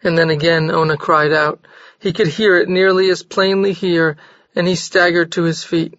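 A man narrating a novel in a steady, measured storytelling voice. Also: fairly high pitch, dry recording. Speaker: audiobook narrator. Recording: slightly dull dry recording.

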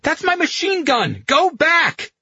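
A male narrator voicing a rough, hot-tempered male gunner who yells angrily. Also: very high voice, huge pitch swings, slow pace, no room sound, lo-fi sound, voice pushed up, exaggerated voice. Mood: angry. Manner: yelling angrily.

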